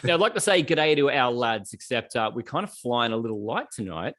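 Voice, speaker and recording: A man's voice: mid-range voice, very animated, a little fast, a bit bright. An Australian man hosting a podcast, chatting casually through the show intro and sometimes correcting himself. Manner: chatty, rambling, self-correcting. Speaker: podcast host.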